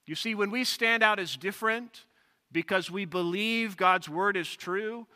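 A man's voice: sits high, pushed and bright. A male pastor preaching an expository sermon, reading scripture aloud and explaining it with personal stories, in a large church sanctuary. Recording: long reverb of a large hall.

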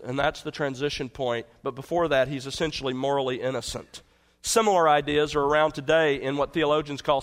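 Emphatic preacher man, slightly high voice. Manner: earnest, emphatic, swings from forceful to hushed. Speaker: pastor. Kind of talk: expository sermon.

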